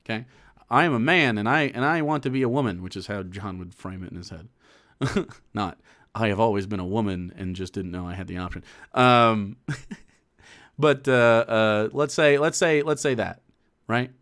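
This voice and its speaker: A man's voice: on the low side, moderate pace, a bit bright. A man streaming political commentary, talking casually with rambling restarts, fillers and swearing. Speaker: streamer reacting to a clip.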